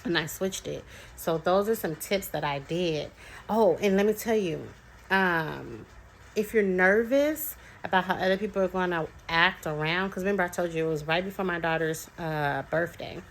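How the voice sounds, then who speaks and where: A woman's voice: on the low side, normal speed, a little hiss or hum, rough recording. A young woman talking as a parent, telling her story in a chatty, casual way, with many fillers and restarts. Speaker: parent sharing experience.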